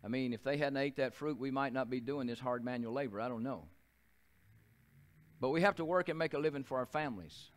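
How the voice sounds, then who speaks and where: A man's voice: mid-range voice, a little fast. An older man with a Southern US accent, preaching a sermon as a pastor in a church, telling folksy stories and often repeating and restarting his phrases.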